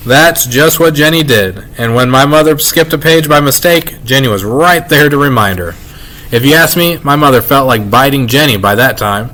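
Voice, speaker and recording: A man reading a children's novel aloud in an expressive, lively storytelling manner. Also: mid-range voice, moderate pace, low-quality recording. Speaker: reader.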